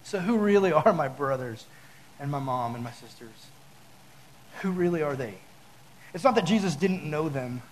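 A man preaching a casual sermon, telling a story to his audience and acting out his panic in loud outbursts. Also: fairly high pitch, expressive, normal speed, pauses often, a little hiss or hum, poor audio. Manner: talks straight to the audience with many fillers.

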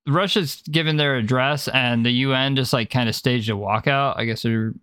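A man's voice: medium pitch, moderate pace, pushed and bright, smooth, no room sound, clean studio sound. A man co-hosting a casual podcast chat, profane and joking, laughing often. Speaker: co-host.

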